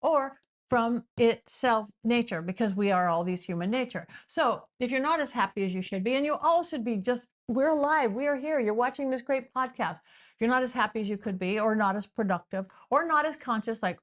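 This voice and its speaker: A woman talking as a podcast guest, explaining her ideas in animated, repetitive lists and sometimes acting out the voices of imagined people. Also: a little high, a little fast. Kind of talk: explanatory interview talk.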